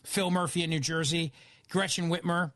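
A man sitting in for the regular radio host argues his opinions in an emphatic monologue, asking many rhetorical questions over a studio broadcast microphone. His voice is on the high side and fairly bright, with fairly even intonation and a normal speed. The sound has no echo.

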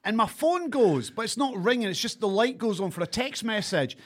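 A man's voice: high voice, lively intonation, moderate pace, fairly bright tone. Teasing man leading a chat show. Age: middle-aged. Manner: leads the talk, teasing and questioning. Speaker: podcast host. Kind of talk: casual podcast chat.

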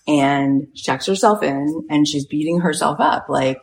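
A woman hosting a talk show, retelling a story in a chatty, animated way with lots of filler words. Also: low voice, unhurried, vocal fry, few pauses, a little hiss or hum, rough recording. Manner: lively, retells events with acted-out quotes. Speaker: podcast host and coach.

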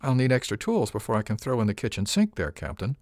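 A man's voice: fairly low pitch, wildly swooping pitch, darkish tone, no echo, clean studio sound. A man voicing a playful, teasing young woman who cooks for the ship's crew, in an audiobook. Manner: sly and teasing, drawn-out purring lines. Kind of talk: audiobook character reading.

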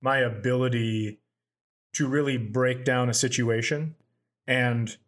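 This male podcast co-host has a mid-range, slightly bright voice with fairly even intonation, and he speaks a bit slowly. On a comedy show he chats casually, spinning meandering tales and acting out what others said.

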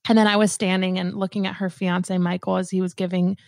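A woman's voice: lowish voice, level tone, fairly quick, vocal fry, darkish tone, no echo, studio quality. A young adult woman co-hosting a podcast, chatting casually and emotionally with many fillers. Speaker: co-host. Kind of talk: casual chat.

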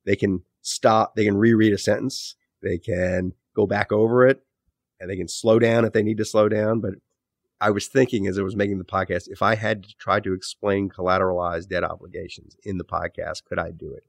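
Middle-aged male author guest, low voice, reflective, restarts sentences, close dry mic. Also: steady tone, fairly quick, creaky, no room sound. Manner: thoughtful, self-correcting, trailing off low at phrase ends. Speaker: author and podcast host, guest. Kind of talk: conversational interview answers.

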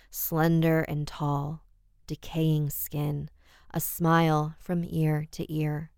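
Woman horror narrator, low smooth voice, dry close sound, measured delivery. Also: no room sound. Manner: measured, steady storytelling.

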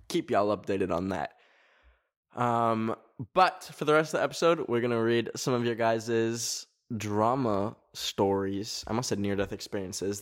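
Animated male podcast host. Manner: animated and expressive, with sudden jumps up in pitch. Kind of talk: casual podcast chat and reading listener stories. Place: hot garage.

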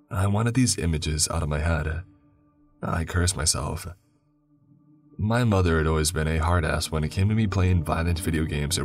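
A man with an extremely deep, low voice narrates a first-person horror tale. He keeps a slow, measured storytelling pace. Faint music plays behind his reading.

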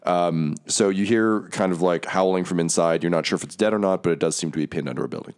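A man's voice: low-pitched, steady tone, fairly quick, darkish tone, smooth. A man narrating a tabletop game as game master, casual and laid-back with lots of fillers.

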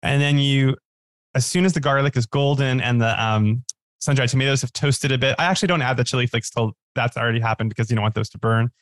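A man's voice: mid-range voice, quick pace, no echo. A man guest on a podcast, chatting casually and telling stories with lots of likes and restarts. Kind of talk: casual chat.

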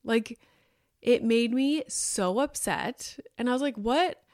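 A woman's voice: a little high, takes it slowly, darkish tone, no room sound, clean studio sound. A woman in her thirties hosting a podcast alone, talking in a candid, rambling way with lots of fillers. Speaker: podcast host. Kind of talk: casual solo podcast chat.

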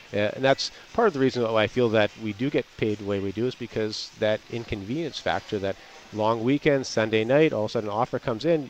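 A man in a relaxed radio chat, telling stories and acting out quotes. He sounds a little dull and lo-fi, as if the recording has lost its top end. A faint noise runs under him on an outdoor patio. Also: medium pitch. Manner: chatty, anecdotal, acts out quotes. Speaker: real estate agent guest. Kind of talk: casual radio talk.

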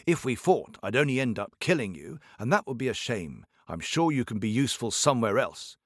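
A man voicing a tiny, quick-witted male tailor in a told folk tale, high and cocky. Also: sing-song, no room sound, clean studio sound. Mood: sly. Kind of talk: storybook character voice.

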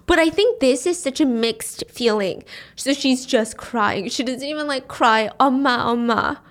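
Young woman podcast host, high voice, lively casual recap. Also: unhurried. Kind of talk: animated casual storytelling.

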